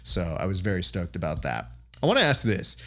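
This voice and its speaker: A man hosting a podcast, telling a story in a relaxed chat and acting out the back-and-forth he describes. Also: sits low, fairly quick, vocal fry. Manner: animated storyteller who acts out quoted exchanges. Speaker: podcast host.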